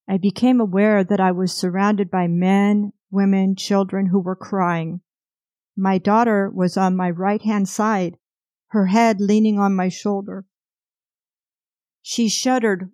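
A woman telling a first-person past-life story in a slow, emotional storytelling manner. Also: mid-range voice, dry recording, studio quality. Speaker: narrator.

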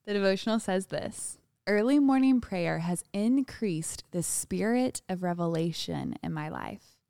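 Woman with a gravelly voice reading devotional. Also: mid-range voice, a little mellow, no room sound, clean studio sound. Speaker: podcast co-host.

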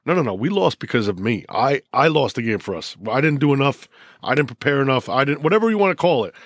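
A middle-aged man, a high school football coach, telling stories emotionally in a casual interview, with many restarts and repeats. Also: very animated, quick pace, a bit bright, no room sound, clean studio sound.

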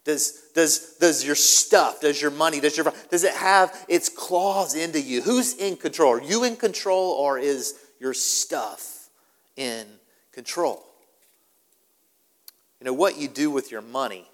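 A male pastor delivers a sermon emphatically, repeating key phrases for stress. His voice sits fairly high. The sound rings with the long reverb of a large hall. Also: unhurried. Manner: animated, repetitive, emphatic.

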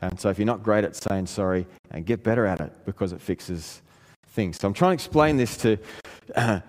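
A man preaching a sermon, telling a family story in an earnest way and rising in pitch when he presses a point. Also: a little fast. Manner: earnest storytelling, pitch climbing in emphatic passages. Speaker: pastor. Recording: long hall reverb.

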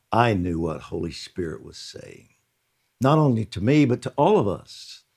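A man reads a devotional prayer story at an unhurried pace, his voice gravelly and a little husky. His pitch moves a lot, climbing high whenever he voices a quote. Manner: slow, earnest reading with lively rises on quotes. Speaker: podcast host reading a prayer account. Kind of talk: devotional reading aloud.

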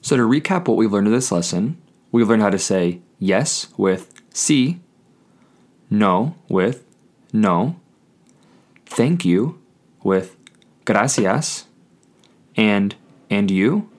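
A man hosting a scripted Spanish lesson, speaking clearly and patiently, repeating each phrase slowly for learners. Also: on the low side, lively intonation. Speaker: Spanish language teacher.

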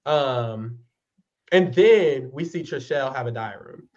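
A man's voice: medium pitch, expressive, a little slow, a little mellow, lo-fi sound. A man co-hosting a podcast, recapping a reality show in casual chat, blunt and profane with sassy asides. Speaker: podcast co-host.

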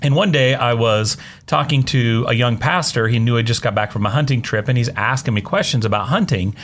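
A man, a missionary guest on an interview show, telling stories in an unhurried way with many "uh"s and "you know"s. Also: mid-range voice, a bit bright. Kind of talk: casual storytelling interview.

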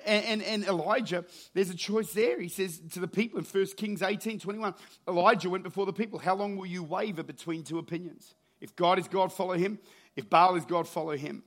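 A man preaching from the pulpit, his voice set high for a man. He tells stories with energy, rises into shouted calls, then sinks low and hushed. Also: fairly even intonation, brisk. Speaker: pastor. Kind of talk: sermon.

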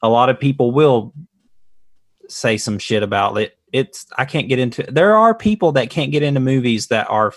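A man's voice: medium pitch, lively intonation, normal speed, dry recording, studio quality. A man co-hosting a casual film review podcast, speaking earnestly and thoughtfully. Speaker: podcast co-host.

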